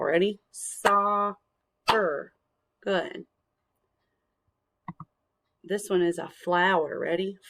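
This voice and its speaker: Slow, gentle woman teaching young children. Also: medium pitch. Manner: gentle, encouraging, slow and clear. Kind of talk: recorded lesson for young children. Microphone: screencast computer mic.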